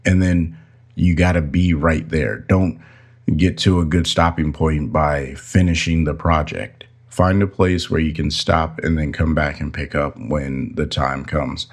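Very deep-voiced man giving earnest advice. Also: steady tone, measured pace. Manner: earnest, preachy. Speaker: podcast host. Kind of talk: casual advice talk.

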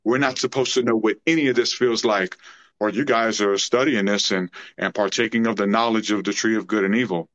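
A man's voice: lowish voice, steady tone, a little fast, fairly bright tone. A man speaking as a podcast guest, preaching in a fervent, emotional way during a spiritual conversation. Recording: dull lo-fi sound.

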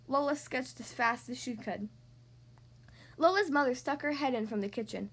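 A woman narrating a children's storybook aloud with expressive, clear delivery. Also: high voice, moderate pace.

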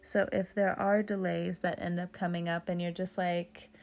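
Young woman reading tarot cards, kinda low voice, jokey and sweary, goes off on rants. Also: level tone, normal speed, muffled recording, faint music behind. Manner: joking, profane, talks off on tangents. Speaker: tarot reader.

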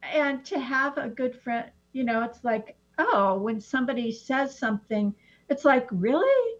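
Woman, astrology teacher, casual chat, unhurried, dull muffled sound. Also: on the high side. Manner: animated, slips into acted-out quotes. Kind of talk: casual conversation.

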